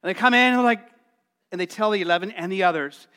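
A male pastor preaching a sermon, telling the story in a lively way and acting out excited voices. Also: high-pitched, fast, smooth. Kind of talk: Easter sermon.

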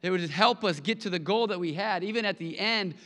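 A man preaching a sermon to his congregation, conversational and animated, telling stories with acted-out quotes. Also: high-pitched, fairly quick. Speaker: pastor. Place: church sanctuary. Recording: long hall reverb.

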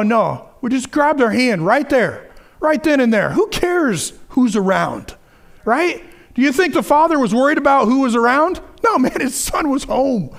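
A man's voice: very high-pitched, very animated, normal speed, gravelly. A middle-aged man preaching a sermon, earnest and repetitive, telling a story with stammered restarts. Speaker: pastor.

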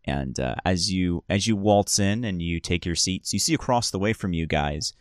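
A man's voice: sits low, lively intonation, normal speed, clean tone, dry recording, studio quality. A man narrating as game master of a tabletop game, describing scenes in a rambling way full of fillers and restarts.

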